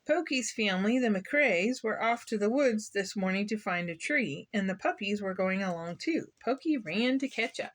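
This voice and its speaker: A woman's voice: medium pitch, animated, moderate pace, hardly any pauses. A woman reading a children's picture book aloud, playful and asking the listener questions. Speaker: children's story reader.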